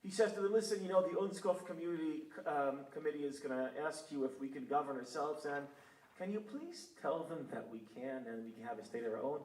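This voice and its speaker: Israeli guy giving a lecture, kinda high voice, roomy hall, mic a bit far off, gets loud acting out quotes. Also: a little fast. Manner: animated storytelling, acts out quotes loudly. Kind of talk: public lecture. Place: synagogue hall.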